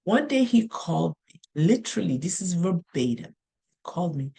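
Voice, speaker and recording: A middle-aged motivational speaker gives a casual, unhurried talk in a low-sitting, sing-song voice that's warm, creaky and a touch breathy. She tells stories earnestly, restarting her sentences often.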